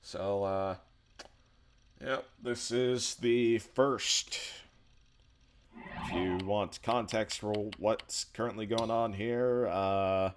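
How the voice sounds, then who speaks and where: A man's voice: fairly low pitch, fairly even intonation, drawn-out words, clear, resonant tone. A man hosting a let's play, reading visual novel text aloud with casual, offhand asides. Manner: casual, offhand asides between read lines.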